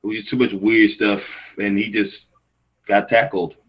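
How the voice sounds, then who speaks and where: A man from Africa co-hosting a casual chat, telling stories in an animated, slangy way. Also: on the low side, normal speed, husky, lo-fi sound. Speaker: co-host. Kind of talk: casual live-show chat.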